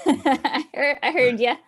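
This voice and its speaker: A woman's voice: high-pitched, slow pace. A woman from Tennessee with a Southern accent, an author guest chatting casually and laughing between rambling answers. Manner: laughing, rambling, self-deprecating. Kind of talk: casual interview chat.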